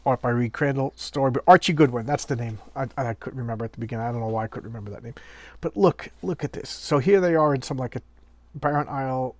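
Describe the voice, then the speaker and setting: Casual male comic reviewer, mid-pitch, enthusiastic and rambling, dry close mic. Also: fast talker, dry recording. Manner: enthusiastic, rambling, often trailing into soft asides. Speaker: comic collector reviewing an issue. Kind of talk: casual vlog, paging through a comic.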